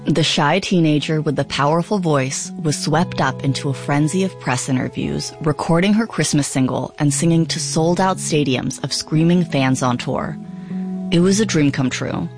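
Podcast host narrating, gravelly voice, faint music behind. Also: mid-range voice. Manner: measured, leads with probing questions. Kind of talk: scripted documentary narration and interviewing.

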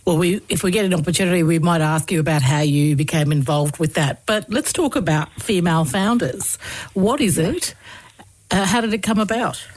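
A woman's voice: on the low side, normal speed, a little mellow, no echo. A woman hosting a community radio interview, asking friendly, probing questions. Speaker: radio host.

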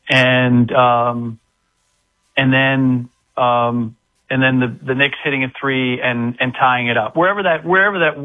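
Man talking basketball over a tinny phone line. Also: medium pitch. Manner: rambling, many restarts and fillers. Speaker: guest sports analyst on a call-in segment. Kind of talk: casual sports chat.

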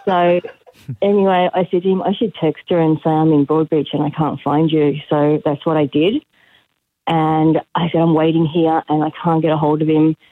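A woman's voice: low voice, flat delivery, normal speed, no room sound. A woman calling in to a radio show, telling a story in a chatty way and quoting people as she goes. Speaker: caller. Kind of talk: casual phone-in anecdote. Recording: tinny phone line.

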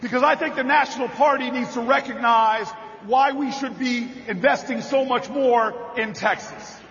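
A middle-aged man, a senator, giving a rousing convention speech, repeating phrases and building to shouted climaxes. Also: very high voice, moderate pace. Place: large convention hall, indoors. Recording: dull, reverberant hall sound.

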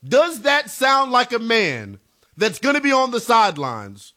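A man with a high, bright voice co-hosts a sports talk show. His pitch swoops widely as he presses his points, and he sounds emphatic and incredulous. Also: big pitch swings, measured pace. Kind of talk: casual sports debate.

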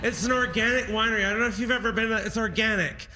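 A man from Canada performing an energetic stand-up comedy set, calling out to the crowd. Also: high-pitched, racing. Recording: live room with audience noise.

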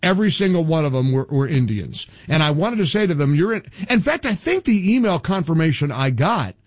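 A man's voice: on the high side, a little fast, no room sound. A middle-aged man hosting a talk radio show, talking emphatically with lots of restarts. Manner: emphatic, animated, frequent restarts. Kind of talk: political talk radio banter.

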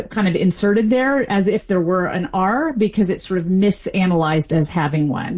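Woman, language expert, explanatory interview answers, measured with ums, slightly dull lo-fi audio. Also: medium pitch, darkish tone. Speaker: linguist guest.

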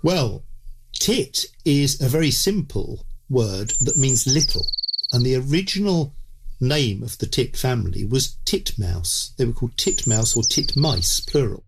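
A man bird expert explaining word origins outdoors, measured and patient. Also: medium pitch, very animated, creaky, breathy edge, soft background music. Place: outdoors among birds and insects. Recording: outdoor birdsong and insects loud.

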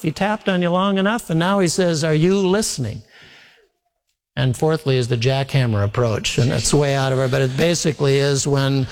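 A man preaching a sermon with homespun stories, slowing down to lean on scripture. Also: fairly high pitch. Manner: folksy storytelling preacher, slows down for scripture. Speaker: pastor.

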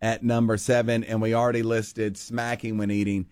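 A man's voice: fairly low pitch, level tone, moderate pace, darkish tone, dry recording, clean studio sound. A man co-hosting a radio show in casual banter, playful as he counts down a list.

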